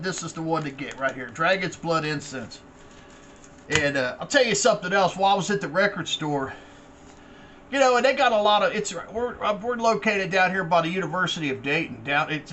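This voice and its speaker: Casual male vlogger with a high voice, rambling and swearing freely. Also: sharp tone, a little hiss or hum.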